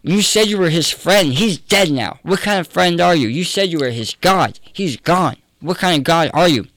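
A man's voice: on the high side, expressive, normal speed, a bit bright, no echo, voice pushed up. A man voicing a grieving, angry woman who keeps hurling accusing questions. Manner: pleading, accusing, repeated questions.

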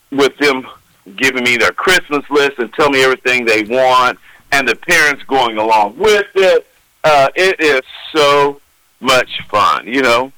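Folksy older man, bright voice. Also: mid-range voice, no echo, poor audio. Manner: folksy storyteller, acts out children's voices. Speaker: professional Santa Claus. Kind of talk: interview answers, anecdotes.

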